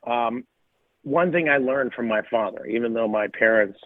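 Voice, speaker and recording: A man's voice: mid-range voice, moderate pace, no echo. A middle-aged man co-hosting a podcast, telling stories in an emphatic, casual way and repeating phrases for punch. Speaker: podcast co-host. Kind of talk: casual storytelling chat. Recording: tinny phone-like line.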